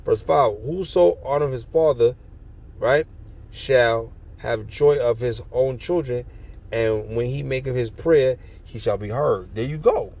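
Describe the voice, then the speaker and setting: Gravelly man preaching scripture, street style. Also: mid-range voice, unhurried, a little mellow. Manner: reads verses then riffs in slangy, profane commentary. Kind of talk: scripture reading with commentary.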